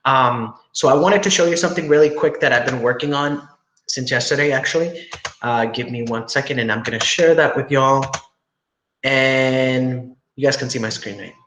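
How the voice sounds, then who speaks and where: A man's voice: medium pitch, moderate pace, fairly bright tone. A young man teaching a class over a video call, explaining step by step and often asking "right?" to check that students follow. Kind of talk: online class instruction. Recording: echoey room with faint noise.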